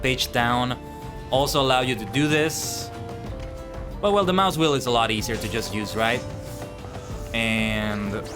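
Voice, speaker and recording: Chatty young male game streamer. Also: medium pitch. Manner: chatty, talks to chat. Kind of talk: livestream gameplay commentary. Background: game music.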